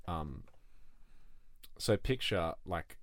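A man co-hosting a comedy podcast with a deadpan, low-key delivery. His voice sits slightly low and is recorded dry and close. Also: vocal fry, no room sound. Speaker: podcast co-host. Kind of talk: improvised comedy banter.

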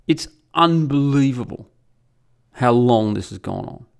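A man's voice: mid-range voice, expressive, measured pace, vocal fry, clear, resonant tone. A middle-aged man, hosting a solo monologue in a blunt, combative and profane way. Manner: blunt, combative and profane, grows heated and loud.

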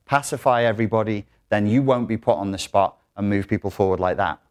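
A man giving a live talk in a lecture room, animated, acting out quotes in other voices. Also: fairly low pitch, fast. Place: lecture room in an academic institution.

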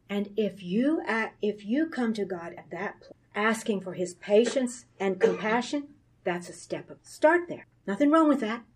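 A woman giving a sermon-style Bible teaching, earnest and confiding, with soft laughs between points. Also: medium pitch, slightly rough, far from the mic.

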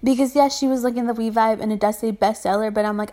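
This is a fast, fairly high-pitched female voice with a steady, dark tone. The speaker, a young retail worker, is venting in a casual rant vlog, full of profanity and fillers, exasperated throughout. She describes her voice as annoying.

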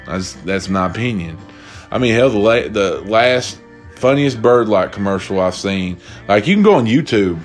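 Over soft background music, a young man with a voice on the low side speaks expressively at normal speed. He hosts a casual solo podcast, telling stories in a loose, rambling manner full of profanity.

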